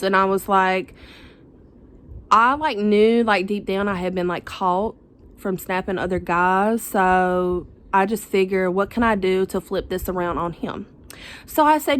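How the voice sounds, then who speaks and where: A woman's voice: mid-range voice, normal speed. A young woman, telling a personal story to the camera in a chatty, dramatic, slangy way. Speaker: vlogger.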